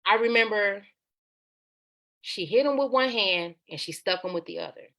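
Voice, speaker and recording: A woman's voice: medium pitch, lively intonation, moderate pace, sharp tone. A woman guest on a podcast, telling a personal story in a candid, conversational way. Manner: candid, conversational, slips into acted quotes.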